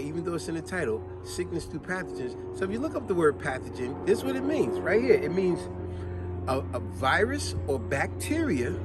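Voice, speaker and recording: Lively, high-voiced man talking to camera. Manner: animated storyteller who acts out quotes and sneezes. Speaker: vlog host. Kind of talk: casual explanatory talk.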